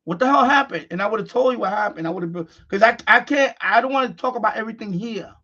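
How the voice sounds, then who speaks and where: A frustrated middle-aged man, talking bluntly and unscripted on a live stream, circling back over the same phrases. His voice sits high and has a gravelly rasp. The stream audio is dull and lo-fi. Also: quick pace, sharp tone. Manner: blunt, repeats phrases, restarts often.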